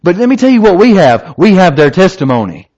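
A man preaching with a high, lively voice that swings widely in pitch. He is emphatic and puts rhetorical questions to his congregation. The recording sounds somewhat dull and lo-fi. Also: fairly quick. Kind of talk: evening sermon.

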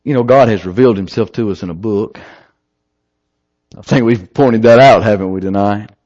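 A man preaching an evening sermon, emphatic and lively, asking the listeners rhetorical questions. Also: fairly low pitch, moderate pace. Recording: slightly dull lo-fi recording.

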